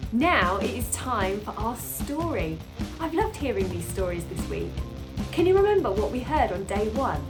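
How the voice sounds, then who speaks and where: A woman presenting a children's club, enthusiastically recapping Bible stories. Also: on the high side. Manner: enthusiastic, storytelling. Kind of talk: children's Bible story introduction. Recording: music playing behind.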